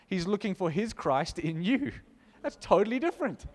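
A man with a high voice preaches to his congregation, swinging from hushed, intimate passages to loud, fervent ones. His voice rings out with a long reverb tail in a big church hall. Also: very animated, moderate pace. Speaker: pastor. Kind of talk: sermon.

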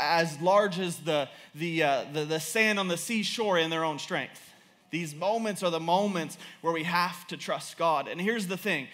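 A young man preaching a sermon in an animated, repetitive style, laughing as he tells stories about his daughter. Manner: animated, repetitive, quick to laugh and rise in pitch.

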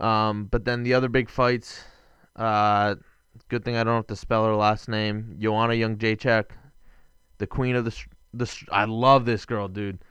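A man's voice: fairly low pitch, little pitch movement, unhurried, a bit bright, clear, resonant tone, dry recording. A young man co-hosting a podcast, chatting casually about fights in a rambling, enthusiastic way that keeps correcting itself. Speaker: podcast co-host. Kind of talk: casual sports chat.

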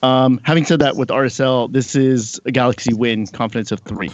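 A man's voice: medium pitch, fairly even intonation, muffled recording, slight background noise. A man co-hosting a sports podcast, giving his pick with lots of ums and uhs. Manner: filler-heavy, measured. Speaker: podcast co-host. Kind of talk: casual podcast chat.

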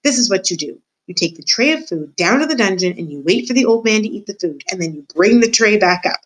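A woman's voice: medium pitch, animated, fast talker, lightly acted, poor audio. Woman putting on a scornful scolding castle cook. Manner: shouting, scornful.

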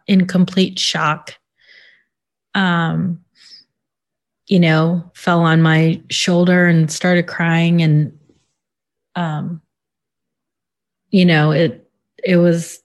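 Slow, halting woman. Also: low-pitched. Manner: halting, with many pauses and fillers. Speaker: interview guest. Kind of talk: personal account in an interview.

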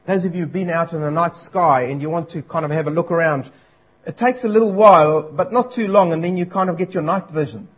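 A man delivers an earnest, urgent sermon, repeating his key lines for weight. His voice sits high and a little husky. The recording is dull and lo-fi. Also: brisk. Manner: earnest, urgent preaching with emphatic repetition. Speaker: preacher.

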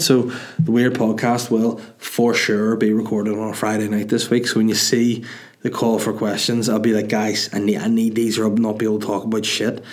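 A man's voice: fairly low pitch, a little mellow. Sweary Northern Irish podcast man. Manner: rambling, sweary, jokey. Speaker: podcast host and comedian. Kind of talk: casual solo podcast chat.

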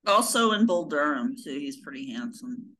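A woman's voice: low-pitched, big pitch swings, moderate pace, fairly bright tone, low-quality recording. A woman co-hosting a podcast in casual chat, hesitant and often trailing off. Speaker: podcast co-host.

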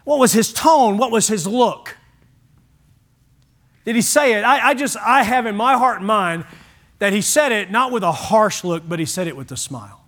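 Pastor, high voice, folksy, animated sermon that drops to a hush. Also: male voice, measured pace, long pauses. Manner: animated, folksy, shifts from loud to hushed.

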